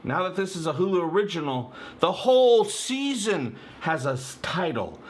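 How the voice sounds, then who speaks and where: A man hosting a casual fan video, talking excitedly and rambling with lots of fillers as he breaks down a trailer for viewers. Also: high voice, normal speed. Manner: excitable, rambling, many fillers, addresses viewers as "you guys". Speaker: channel host.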